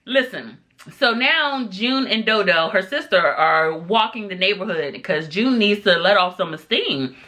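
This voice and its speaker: Chatty woman recapping a show, bright voice. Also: medium pitch, measured pace. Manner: chatty, animated retelling with quoted voices. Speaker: TV episode reviewer. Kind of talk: casual recap vlog.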